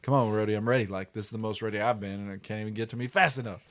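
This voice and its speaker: A man's voice: on the low side, steady tone, rapid-fire. A man co-hosting a casual podcast among friends, swearing freely and laughing often. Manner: swearing, laughing, loud outbursts. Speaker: podcast co-host.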